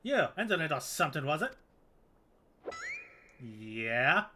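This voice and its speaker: A man streaming a video game, giving casual commentary, excitable, swearing and laughing often. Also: medium pitch, takes it slowly, slight background noise.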